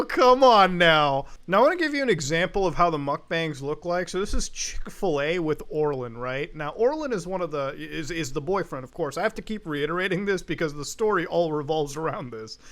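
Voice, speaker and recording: A man doing sarcastic, animated commentary on a video channel, swearing casually. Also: a little high, fairly quick, hardly any pauses. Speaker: commentary YouTuber. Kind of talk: reaction commentary.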